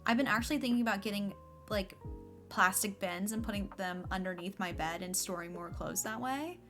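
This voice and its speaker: A young adult woman streams a game and chats loosely, filling her talk with "like," in a slightly bright, medium-pitched voice at a fairly quick pace. Soft music plays in the background.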